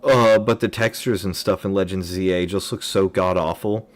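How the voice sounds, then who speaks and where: A young man chats casually while he streams a game. He rambles and fills his pauses with ums as he answers viewers. His voice sits on the low side. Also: fairly even intonation. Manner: rambling, filler-heavy, answers chat questions.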